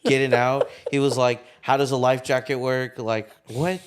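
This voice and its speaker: A young man co-hosts a casual talk show from a parked car, his medium-pitched voice moving at a moderate pace over background noise. He's an animated storyteller, swearing freely and acting out the quotes in his tale.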